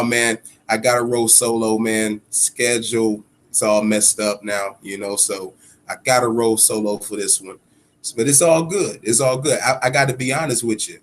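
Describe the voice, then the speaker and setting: A man hosting a boxing podcast alone, ranting heatedly with profanity and repeating himself for emphasis. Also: slight background noise. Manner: heated, profane ranting with sudden swells in pitch and loudness. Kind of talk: solo podcast commentary.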